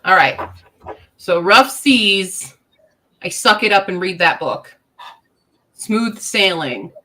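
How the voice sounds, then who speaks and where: A woman's voice: low-pitched, fairly bright tone. Chatty woman book vlogger. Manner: chatty, playful, baby talk to her pet bird. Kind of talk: casual chat.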